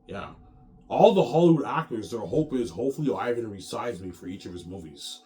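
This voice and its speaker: Brash male host, lowish voice, rambling boastful monologue. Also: expressive, brisk, dark tone. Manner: brash, repetitive, ends phrases with "man". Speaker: show host.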